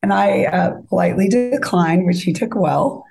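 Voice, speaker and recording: A woman's voice: fairly low pitch, normal speed, vocal fry, low-quality recording. A woman casually telling a dating story as a podcast guest, acting out the lines of others. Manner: animated, acts out quoted lines.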